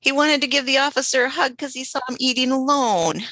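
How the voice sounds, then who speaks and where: A woman's voice: high-pitched, fairly quick, noisy background. A woman hosting a livestream, chatting casually and giggling as she introduces clips. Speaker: livestream host.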